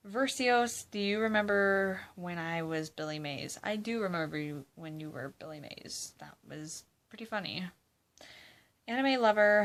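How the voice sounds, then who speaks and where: A woman's voice: on the low side, fairly bright tone. An eighteen-year-old woman answering fan questions in a casual vlog. She chats loosely, laughs often, swears and fills her talk with "like". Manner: chatty, swears, laughs often, many "like" fillers.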